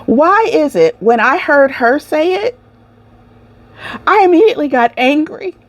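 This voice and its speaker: A woman's voice: high-pitched, animated, unhurried. A woman with a lilt hosting a crochet podcast, ranting and laughing in casual chat.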